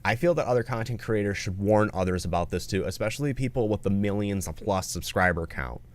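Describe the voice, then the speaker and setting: A man's voice: lowish voice, a little fast. A man making a commentary video, appealing earnestly to viewers and swearing often. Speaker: video creator.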